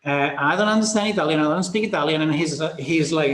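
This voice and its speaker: A man presenting a business coaching webinar, talking fast and casually with fillers and the odd swear word. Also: fairly high pitch, roomy sound, crowd noise. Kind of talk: energetic sales webinar talk.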